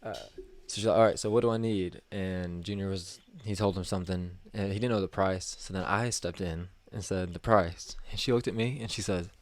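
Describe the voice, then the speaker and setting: A man's voice: low voice, steady tone, moderate pace. A young man, co-hosting a podcast and telling a story casually, acting out quotes and laughing often. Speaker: podcast co-host.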